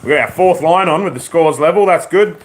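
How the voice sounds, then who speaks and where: A man's voice: on the high side, brisk. A young Australian man hosting a casual live reaction stream from home, laid-back and swearing freely.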